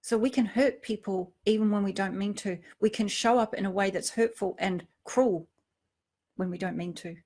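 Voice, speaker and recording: A middle-aged woman giving a reflective personal talk, earnest, dropping to a hush and then rising to emphasis. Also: medium pitch, normal speed. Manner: earnest, swings from hushed to emphatic. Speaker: speaker on emotional triggers.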